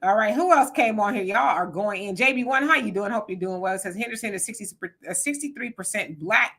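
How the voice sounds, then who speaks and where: A woman's voice: mid-range voice, fairly quick. A woman hosting a live stream, chatting casually, reading viewer comments aloud and laughing often. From Texas. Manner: animated, laughs often, greets viewers by name.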